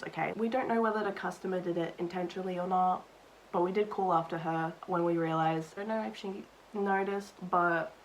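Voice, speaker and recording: A woman's voice: lowish voice, a little hiss or hum, low-quality recording. A young woman vlogger chatting casually while doing her makeup, rambling through awkward work stories with lots of "like" and self-deprecating asides. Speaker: beauty vlogger.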